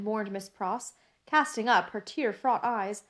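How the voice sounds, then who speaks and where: A woman narrating a classic novel in a measured, even reading style. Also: mid-range voice. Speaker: audiobook narrator.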